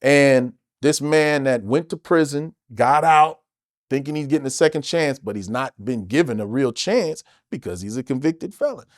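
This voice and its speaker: A man from the United States, an actor guest telling stories in a casual interview, animated and emphatic, with plenty of swearing. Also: mid-range voice, moderate pace, dry recording, studio quality.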